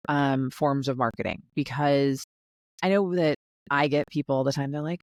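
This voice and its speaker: A woman's voice: sits low, normal speed, a little mellow, no echo, studio quality. A woman hosting a podcast interview over a remote call, upbeat and chatty, often checking in with "right?". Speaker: podcast host. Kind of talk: casual interview chat.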